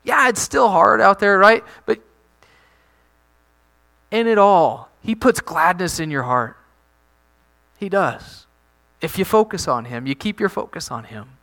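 Man, pastor, sermon, high voice, bright tone, animated, rhetorical questions. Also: a little slow, creaky, pauses often. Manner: animated preaching with rhetorical questions and frequent restarts.

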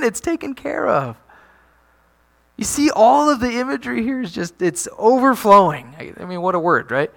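A man delivers a sermon in a high, bright voice. He preaches with animation, tossing rhetorical questions at the congregation and restarting phrases as he builds his points. His tone stays energetic and direct. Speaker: pastor.

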